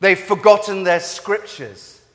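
A man's voice: high voice, a bit bright, long reverb tail, voice pushed up. A man acting out a fervent crowd preacher. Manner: impassioned, slow emphatic delivery.

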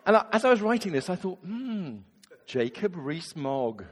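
A man, a vicar giving a chatty, animated sermon and acting out quotes in different voices. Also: high-pitched, normal speed, big-room sound. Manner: lively, conversational preaching with acted-out quotes.

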